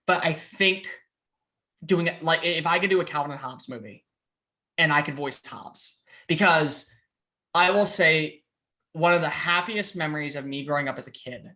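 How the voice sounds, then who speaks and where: A young man chatting as a podcast guest over a video call, excitable and quick, with playful impressions and swearing. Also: on the high side. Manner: excitable, fast, with playful put-on voices and profanity. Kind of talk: casual chat.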